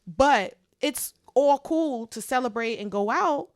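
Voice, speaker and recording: A woman co-hosting a podcast in heartfelt, casual chat, talking expressively and getting loud when she preaches. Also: sits high, takes it slowly, no echo, clean studio sound. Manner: expressive, preachy, animated swings in loudness. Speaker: podcast co-host.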